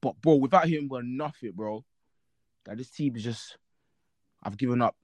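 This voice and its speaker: A man's voice: medium pitch, moderate pace, darkish tone, dry recording. A young man on a casual football podcast, venting about his team with exasperated laughter and repetition. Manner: exasperated, laughing at himself, repeats himself. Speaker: podcast co-host.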